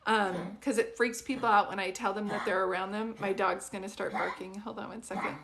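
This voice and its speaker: A chatty woman gives a relaxed live psychic reading from home, her voice sitting at a medium pitch. She rambles along with plenty of fillers and quick restarts. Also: a crowd in the background. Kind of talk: casual live-stream reading. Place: at home with a dog nearby.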